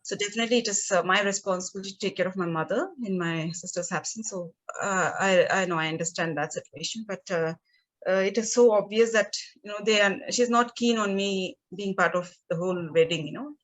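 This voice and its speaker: This woman talks through something painful as a coaching client. Her voice sits at an ordinary middle pitch, and she speaks in a halting way, pausing and restarting as she searches for words. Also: a bit bright, rough recording. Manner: hesitant, halting, with many pauses and restarts. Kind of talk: emotional personal conversation.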